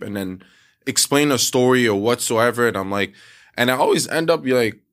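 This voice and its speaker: Animated man telling stories, filler-heavy. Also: mid-range voice, a little fast. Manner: animated storyteller, acts out quotes, many "like" fillers. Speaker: podcast co-host. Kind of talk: casual podcast storytelling.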